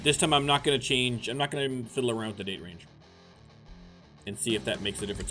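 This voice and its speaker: This Canadian gaming streamer talks fast in a mid-range, steady but sharp-toned voice, pausing often as soft music plays behind him. His let's-play commentary is casual and chatty, full of joking asides aimed at the viewers in chat.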